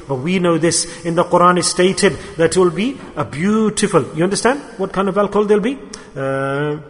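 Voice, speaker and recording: Brief: male preacher, high voice, acted storytelling, reverberant hall. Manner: animated, acts out dialogue with rising pitch. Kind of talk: sermon storytelling.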